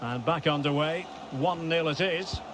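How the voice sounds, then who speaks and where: A man doing play-by-play football commentary for a video game, with measured calls that build to excited shouts. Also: on the high side. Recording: loud crowd and game sound under the voice.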